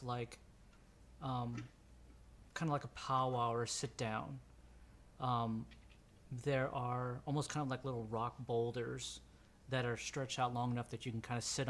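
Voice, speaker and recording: A man's voice: mid-range voice, slight background noise. A man narrating a tabletop role-playing game as game master, rambling and filling his descriptions with ums and restarts.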